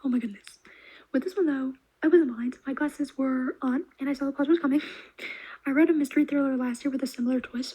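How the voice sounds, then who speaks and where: A young woman chatting through her monthly reads in a quick, high voice. Her tone is soft and mellow with a breathy edge. She gushes with animated enthusiasm and slips into quiet asides. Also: poor audio. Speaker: book reviewer. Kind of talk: casual reading wrap-up vlog.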